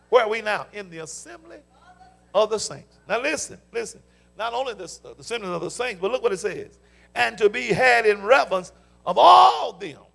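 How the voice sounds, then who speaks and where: A pastor with a high, heavily gravelly voice preaches to his congregation, tossing out questions and shouting the answers back. Music plays softly under him in the sanctuary. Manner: call-and-response preaching, shouting peaks. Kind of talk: sermon. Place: church sanctuary.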